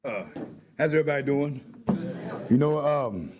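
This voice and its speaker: Man, honoree, nervous halting speech, repeats words, mid voice. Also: medium pitch, expressive, noisy background. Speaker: hall of fame inductee. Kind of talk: emotional acceptance speech. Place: banquet hall with audience.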